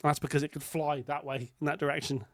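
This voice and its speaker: A man's voice: on the high side, steady tone, fast, fairly bright tone, no room sound. A British man co-hosting a comedy podcast, chatting casually with dry, musing remarks and rhetorical questions. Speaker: podcast co-host.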